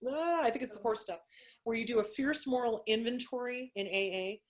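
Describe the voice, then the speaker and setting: A woman's voice: a little high, fairly quick. Blunt, laughing middle-aged woman therapist. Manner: blunt, animated, laughs often, swears freely. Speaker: therapist, podcast guest. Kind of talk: candid interview chat.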